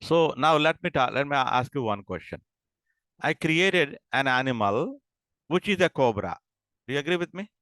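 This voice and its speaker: A man's voice: mid-range voice, expressive, a bit bright, dry recording. A man lecturing a class, often stopping to ask whether students follow and restarting his sentences. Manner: repeats and checks understanding, halting restarts.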